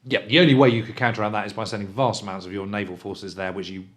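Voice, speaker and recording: A middle-aged man co-hosting a history podcast, explaining events in a casual, methodical way and slowing down for emphasis. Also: lowish voice, fairly even intonation, fairly bright tone.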